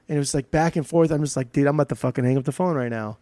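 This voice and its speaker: A man with a slightly high, mellow voice chats casually on a podcast. He tells stories with lots of swearing and acted-out dialogue. The recording is dry and close. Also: very fast, no room sound. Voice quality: profane, animated storytelling with quoted dialogue. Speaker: podcast co-host and record show organizer. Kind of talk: casual storytelling chat.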